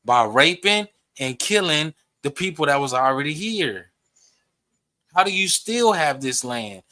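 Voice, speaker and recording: A man's voice: fairly high pitch, pushed and bright. A young man streaming a reaction to a debate clip, ranting with passion and a lot of profanity. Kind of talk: heated reaction rant.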